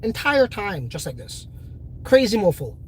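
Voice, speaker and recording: A man's voice: high-pitched, sing-song, unhurried, a little hiss or hum. A man hosting a casual crypto livestream, reading viewer comments in a boastful, profane, rambling way.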